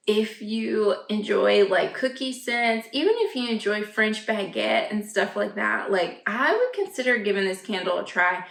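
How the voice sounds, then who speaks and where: A woman's voice: medium pitch, vocal fry, fairly bright tone. Chatty woman in an echoey room. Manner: chatty, gushing, lots of fillers and asides. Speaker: vlogger. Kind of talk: casual chat. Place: home, indoors.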